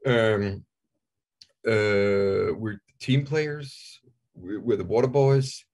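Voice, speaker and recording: A man's voice: on the low side, very slow, darkish tone. A man in his forties from Denmark with a Danish accent, chatting candidly as an interview guest, joking and often repeating himself. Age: 40s. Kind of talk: casual interview chat.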